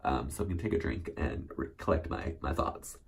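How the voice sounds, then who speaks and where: A man's voice: extremely low pitch, animated, fairly quick, creaky, slightly rough. A man hosting a solo recap show, chatting casually and rambling with many ums and self-corrections. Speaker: recap host.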